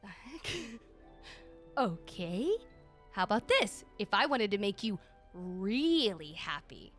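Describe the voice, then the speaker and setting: Bright, excitable woman streamer. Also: medium pitch, takes it slowly, soft background music. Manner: excitable, exclaiming. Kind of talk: casual live-stream chatter.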